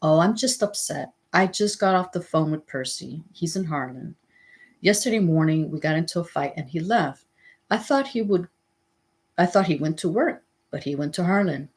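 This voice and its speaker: A woman reading as an upset, low-voiced mother. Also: animated, normal speed. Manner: plain, tired and upset. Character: worried struggling mother, adult woman.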